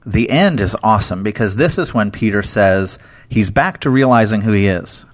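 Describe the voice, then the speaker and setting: A man's voice: fairly low pitch, lively intonation, normal speed. A man co-hosting a casual Bible discussion, explaining scripture in an earnest, emphatic way.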